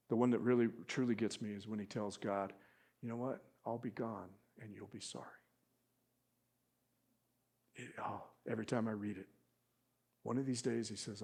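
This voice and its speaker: A man preaching a sermon as pastor, swinging from loud emphatic appeals to quiet asides and acting out quoted speech with feeling. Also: lowish voice, steady tone, moderate pace, vocal fry, pauses often, husky.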